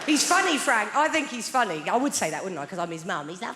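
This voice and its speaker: A woman's voice: mid-range voice, very animated, fast, hardly any pauses, bright, forceful tone. A woman in her forties doing a stand-up routine on a theatre stage, telling stories in a dry, conversational way. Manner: dry, conversational storytelling with mock voices. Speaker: stand-up comedian. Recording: theatre reverb, audible background noise.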